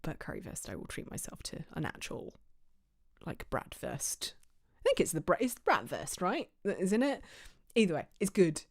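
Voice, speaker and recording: An English woman talks casually to her stream chat, rambling and restarting her sentences. Her voice sits low for a woman, and the sound is dry with no room echo. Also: wildly swooping pitch, moderate pace, gravelly. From England. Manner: chatty, rambling, many fillers and restarts.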